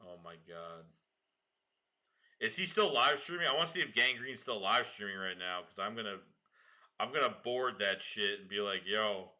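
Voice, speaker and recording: A man hosting a casual livestream, slangy and excitable, swearing and laughing often. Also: on the low side, normal speed. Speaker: livestream host.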